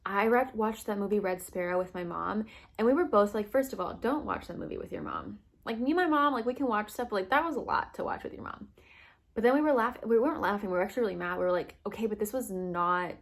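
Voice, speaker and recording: A woman's voice: medium pitch, big pitch swings, quick pace, creaky. A young woman vlogging about books, ranting casually with lots of fillers and short wry laughs. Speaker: book vlogger. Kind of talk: casual opinion rant.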